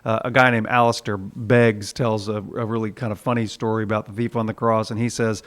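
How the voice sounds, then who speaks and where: A man's voice: lowish voice, level tone, fairly quick, few pauses, fairly bright tone. A man preaching a sermon in a conversational way, with frequent "uh"s, now and then acting out the voices in his story. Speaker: pastor.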